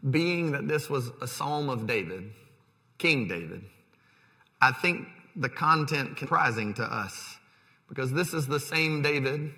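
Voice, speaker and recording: Bright-voiced male pastor in a reverberant hall. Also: medium pitch, animated, measured pace. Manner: conversational, with fillers and restarts. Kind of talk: sermon.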